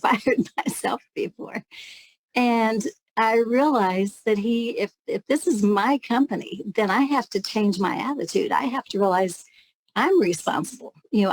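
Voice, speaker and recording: A woman's voice: mid-range voice, vocal fry, dry recording, poor audio. A woman telling a candid, reflective story as an interview guest, now and then laughing lightly. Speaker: guest, network marketing leader.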